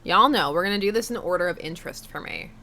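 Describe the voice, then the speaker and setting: Giggly woman streamer, lively voice. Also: on the low side, fast. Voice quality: giggly, chatty. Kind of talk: casual game commentary.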